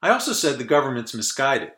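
A man's voice: mid-range voice, sing-song, fast, pushed and bright. A man in his fifties from the northern United States, hosting a solo podcast rant in a dry, sardonic way. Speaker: podcast host. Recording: roomy echo.

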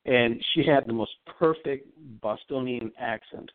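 During a casual call-in interview, a man who works as a psychic medium tells a long personal story, rambling and earnest. His mid-range voice is unhurried. It comes through a tinny, dry phone line with no room sound.

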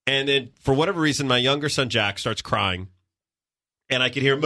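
A man on a podcast, telling comedic stories about his kids and acting out his family members in a high voice. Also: fairly quick. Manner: animated storytelling, acts out family members in a high voice. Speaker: podcast co-host. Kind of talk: casual comedic chat.

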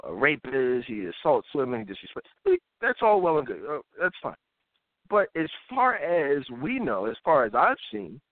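A man's voice: mid-range voice, no echo. A man hosting a live talk show, giving casual political commentary and slipping into impressions of others. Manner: animated, mimics others in voices. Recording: dry phone-like audio.

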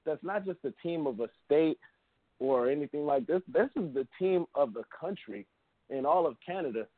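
A man's voice: a little high, lively intonation, normal speed, dry recording. A man on a sports talk panel, rambling with many fillers and restarts in casual chat. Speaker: podcast panelist. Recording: tinny phone-like sound.

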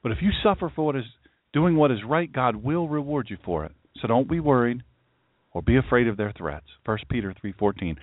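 A man's voice: mid-range voice, animated, fairly quick, no echo. A man preaching a sermon as a pastor, stressing his warnings and reading scripture aloud. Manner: emphatic, repeats warnings and scripture. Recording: tinny phone-like dry sound.

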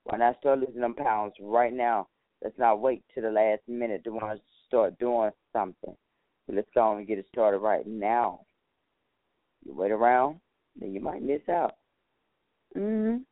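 A man's voice: on the low side, dry recording. Man, talk show host, casual folksy monologue, a little tired, thin phone-line sound. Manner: chatty, folksy, calls listeners honey. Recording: tinny phone-like line, dry.

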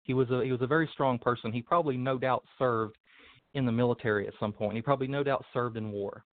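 A man's voice: mid-range voice, steady tone, fast talker, no echo. Earnest male guest over a tinny line. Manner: earnest, repeats words as he builds points. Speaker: interview guest, Hellenic practitioner. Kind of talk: explanatory interview answers.

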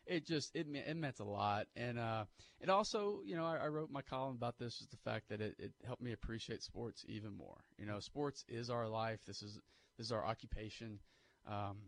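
A man, co-hosting sports talk radio on a studio mic, animated and pushing emphatic hot takes. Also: mid-range voice. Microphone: studio microphone.

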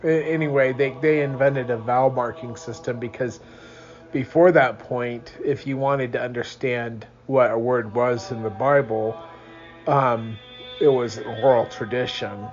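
Sleepy man reading aloud, slow. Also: mid-range voice, fairly even intonation, muffled recording, faint music behind. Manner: tired, yawning, rambling asides. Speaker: reader of a religious book. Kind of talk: reading aloud with casual asides. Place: home, early morning.

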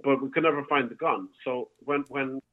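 A man's voice: mid-range voice, normal speed. A man, a bar owner, telling a long rambling story as a guest, with many restarts and fillers. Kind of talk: casual storytelling. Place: home, calling in by phone. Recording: tinny phone line.

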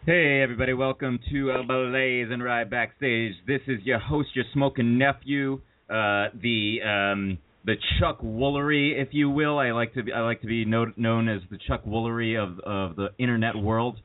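A man hosting a casual podcast chat, joking around and laughing often, with halting speech full of fillers. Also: medium pitch, fairly even intonation. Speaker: podcast host. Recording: tinny phone-like audio.

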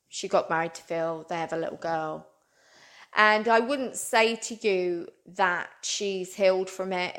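A woman, a psychic medium, telling a long story in an earnest, rambling way and calling her listeners "guys". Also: lowish voice. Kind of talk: animated storytelling.

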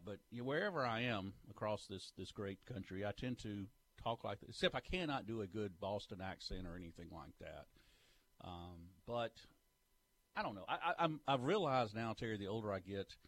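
A man's voice: fairly low pitch, a bit bright. A man hosting a sports talk radio show, easygoing and self-deprecating.

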